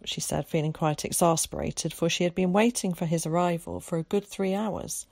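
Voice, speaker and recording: Woman narrator, lowish voice, calm, measured storybook reading. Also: gravelly. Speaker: audiobook narrator. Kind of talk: scripted narration.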